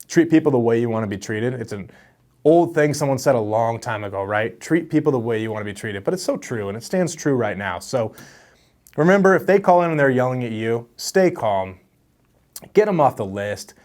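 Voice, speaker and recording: A young man hosting a casual advice vlog on real estate wholesaling, talking to camera in a friendly, storytelling way. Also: medium pitch. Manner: friendly, storytelling, animated with laughs.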